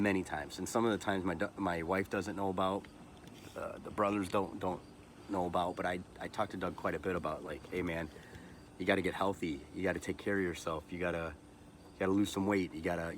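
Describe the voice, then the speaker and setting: A man's voice: low-pitched, slight background noise. A man in his thirties hosting a podcast, talking through a personal, emotional monologue that halts, repeats words and restarts often, with motivational asides. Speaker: podcast host.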